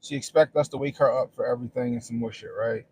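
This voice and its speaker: A man's voice: mid-range voice, fairly even intonation, quick pace, a little mellow, slightly rough. A middle-aged man chatting casually on a stream, telling blunt, profane stories and laughing often. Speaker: streamer and commentator. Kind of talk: casual profane livestream chat.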